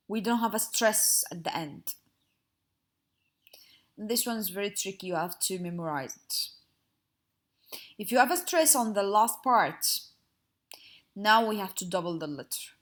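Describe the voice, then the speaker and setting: Woman, teacher, unhurried delivery, sing-song explanations, patient lesson for young children. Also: mid-range voice, fairly bright tone. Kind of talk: grammar lesson for young pupils.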